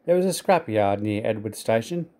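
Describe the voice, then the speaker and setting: Mellow-voiced man reading a storybook. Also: on the low side, lively intonation, normal speed. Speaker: narrator. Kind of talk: storybook read-aloud.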